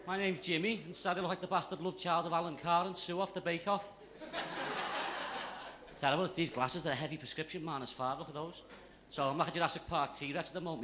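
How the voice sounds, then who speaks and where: A man's voice: fairly high pitch, very noisy. A young man with a Liverpool accent doing a stand-up set on a comedy club stage, brash and sweary in his storytelling. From Liverpool area, England. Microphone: stage mic.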